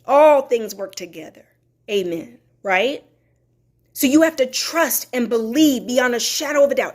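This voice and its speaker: A woman hosts a motivational live talk in a somewhat high voice. She is emphatic and preachy, repeating key phrases for effect and reading viewer comments aloud. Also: expressive, unhurried, darkish tone. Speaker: motivational host.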